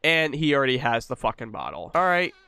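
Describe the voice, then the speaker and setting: A man's voice: medium pitch, big pitch swings, a little fast, vocal fry, bright, forceful tone, smooth, no room sound. A young man giving casual, profane let's-play commentary, joking and scolding the game baby. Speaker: gaming YouTuber.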